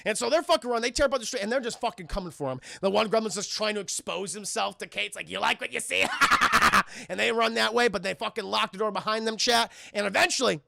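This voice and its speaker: A man recapping a film scene by scene for his live chat, animated and profane, acting out the characters as he goes. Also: high voice, fast talker, gravelly, few pauses, a little hiss or hum. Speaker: streamer and film reviewer.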